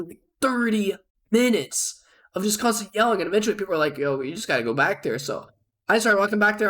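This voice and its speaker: A young man vlogging, rambling through a work story with lots of fillers and laughter. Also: on the high side. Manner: rambling, animated retelling with frequent fillers and laughs. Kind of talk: casual storytelling.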